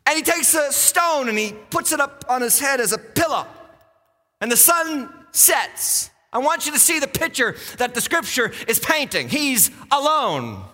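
A man from western Massachusetts preaches with a high, bright voice, acting out each character as he tells the story. His delivery is lively and animated. The sound rings with the long reverb of a large church hall. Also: measured pace. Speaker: pastor. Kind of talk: sermon. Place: church sanctuary.

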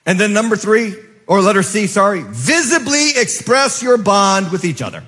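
A male pastor preaching a sermon to his congregation, rising to loud emphatic peaks and dropping to soft, low asides, often asking the room questions. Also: sing-song, moderate pace. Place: church sanctuary. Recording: long hall reverb.

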